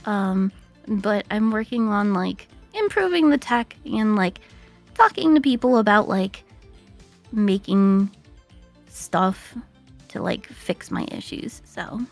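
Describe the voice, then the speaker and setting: Lively, giggly woman in casual chat. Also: mid-range voice, slow, creaky, faint music behind. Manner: giggly and chatty, with many fillers. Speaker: VTuber guest.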